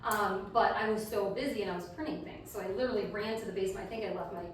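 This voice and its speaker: A woman's voice: medium pitch, rapid-fire. A middle-aged woman, a health coach, chatting casually with a live audience at a community event, laughing at herself as she tells stories. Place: large room at a community event. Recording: echoey room, distant mic, faint background noise.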